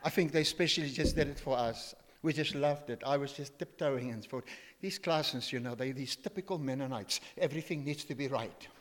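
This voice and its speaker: A man's voice: mid-range voice, a little fast, few pauses, in a large hall. An older man preaching a sermon in a church, emphatic and full of rhetorical questions as he quotes scripture. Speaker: pastor.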